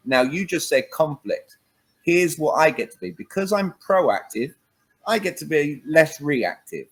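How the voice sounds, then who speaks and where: A man's voice: a little high, animated, unhurried, rough recording. A man with a British accent, a communication coach giving an interview, emphatic and fond of acting out little dialogues to make his points. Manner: emphatic, punctuates points with "all right", acts out dialogue. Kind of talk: animated interview chat.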